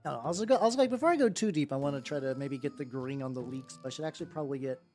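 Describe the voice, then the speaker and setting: Streamer, mid-pitched, rambly live-stream chatter over faint background music, loose and unscripted. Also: lively intonation, rapid-fire, a little mellow. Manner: rambling, many fillers and self-restarts. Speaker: miniature painting streamer. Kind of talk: casual live-stream chat while painting.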